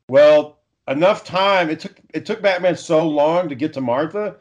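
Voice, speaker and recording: A man's voice: a little high, normal speed, hardly any pauses. Rambling, cursing man on dull lo-fi audio. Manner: rambling, swears a lot. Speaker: friend in group chat. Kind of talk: casual chat.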